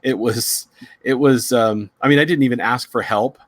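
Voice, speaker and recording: A man hosting a casual chat, telling a story in a rambling, halting way with many restarts. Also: medium pitch, no echo. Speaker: psychic reader, show host.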